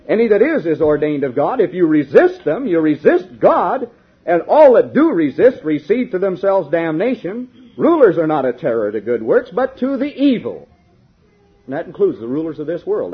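A male preacher delivers a sermon in a fairly high, animated voice. He leans on rhetorical questions, and his volume swings from forceful declarations to quiet asides. The recording sounds dull and lo-fi, like an old tape. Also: breathy edge. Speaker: minister preaching to a congregation.

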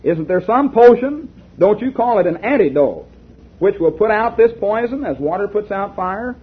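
A man's voice: sits high, lively intonation, normal speed, breathy edge, heavily acted. A man reading aloud as a worried father of a sick daughter, asking pleading questions. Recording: lo-fi tinny recording.

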